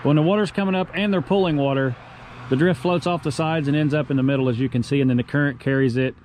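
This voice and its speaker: A man's voice: fairly high pitch, fairly even intonation, fast talker. A young man, a carpenter, chatting and cracking jokes while he works, explaining things casually. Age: young adult. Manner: joking, easygoing, explains as he works. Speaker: carpenter and vlog host. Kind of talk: casual on-the-job vlog chat. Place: outdoors on a cold construction site by a river. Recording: outdoor noise, loud work-site ambience.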